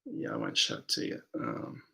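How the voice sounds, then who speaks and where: A man's voice: moderate pace, sharp tone. A man hosting a casual live stream, reading viewer comments aloud and rambling with many hesitations.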